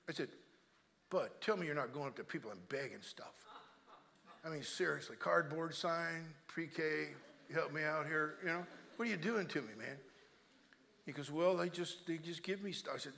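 An older man preaching a sermon in a church, moving between hushed storytelling and loud exhortation. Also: on the high side, a little fast, gravelly, big-room sound, a little hiss or hum.

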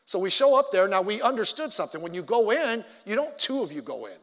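A man's voice: high-pitched, sing-song, quick pace. A middle-aged man preaching a sermon, telling stories animatedly with stammered restarts and acted-out voices. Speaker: pastor. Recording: long hall reverb.

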